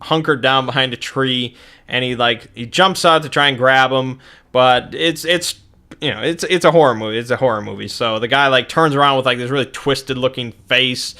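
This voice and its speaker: A man's voice: medium pitch, normal speed, pushed and bright. A young man recounting a tabletop game session in a rambling way, with many fillers and restarts.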